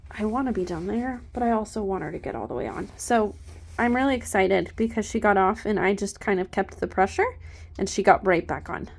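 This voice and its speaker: A woman horse trainer filming on a handheld phone outdoors by a trailer, talking softly and coaxing her horse with praise. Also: mid-range voice, creaky. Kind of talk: casual training vlog. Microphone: handheld phone camera.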